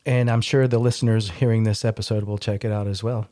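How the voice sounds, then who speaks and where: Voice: medium pitch, level tone, fast, dark tone. A podcast host asking questions and giving brief, encouraging responses. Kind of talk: casual interview.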